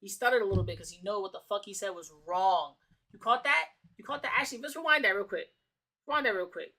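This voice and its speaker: A woman's voice: medium pitch, lively intonation, fast, bright, forceful tone. A woman from the Bronx, hosting a casual reaction stream, talking in a heated, slangy, profane way and repeating her phrases. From The Bronx, New York. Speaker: streamer host.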